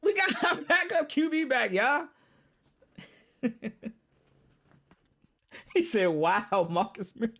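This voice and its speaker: A man hosts a live football reaction stream. His voice sits very high and sounds bright and forceful. He rants, swears and cracks up as he talks straight to his viewers. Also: slow, pauses often. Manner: excitable, profane, laughing and ranting to viewers.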